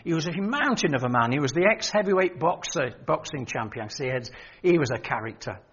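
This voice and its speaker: An older man preaches and tells stories, voicing the people in them as he goes. His voice is a little high and husky. The recording sounds muffled and lo-fi. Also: animated, fairly quick, a bit bright. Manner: storytelling, quoting others, rising emphasis. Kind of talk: sermon with anecdotes. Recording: dull lo-fi sermon recording.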